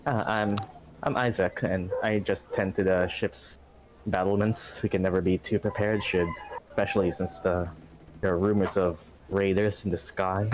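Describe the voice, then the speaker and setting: A man voicing a lanky, rusty male warforged who tends the ship's turrets, speaking slowly and earnestly in a voice meant to be robotic. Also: sits low, steady tone, noisy background, natural voice.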